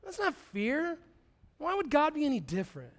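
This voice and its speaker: A man, preaching a conversational sermon as pastor, swinging from quiet asides to excited bursts. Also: very high-pitched, normal speed.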